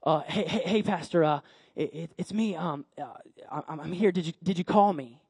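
A man's voice: on the high side, normal speed, a little mellow, husky, no echo, voice pushed down. Preacher guy playing a shy teen boy, stuttery and giggly, kinda hesitant, dry close sound. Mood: nervous. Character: nervous teenage boy, eager and bashful.

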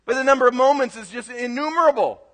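A male pastor delivers a sermon in a strikingly high voice. His delivery is animated, moving between hushed confiding asides and loud, emphatic bursts. The sound carries a long echo, like a large church hall. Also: quick pace.

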